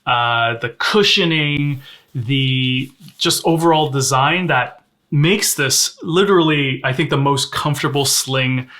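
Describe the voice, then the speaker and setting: A man's voice: medium pitch, slow, a bit bright. A man reviewing a sling bag in a casual, candid way, showing its features as he talks. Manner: conversational, candid, demonstrating gear on camera. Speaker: gear reviewer.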